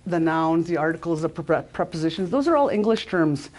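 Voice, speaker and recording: Low-voiced older woman teaching haltingly. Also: lively intonation, a little mellow, a little hiss or hum. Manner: halting, loses her place and restarts often; sounds out syllables slowly and repeats them. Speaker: language teacher. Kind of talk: informal language lesson.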